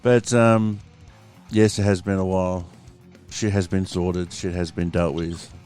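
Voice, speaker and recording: A man's voice: low voice, steady tone, measured pace, darkish tone, soft background music. A man with an Australian accent co-hosting a podcast, in crude, laughing casual banter. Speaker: podcast co-host. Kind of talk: casual chat.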